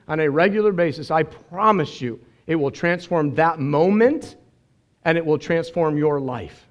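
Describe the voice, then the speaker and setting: A man preaching a sermon as pastor, earnest and emotional, telling stories and quoting others. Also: fairly high pitch. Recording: dull lo-fi sermon recording.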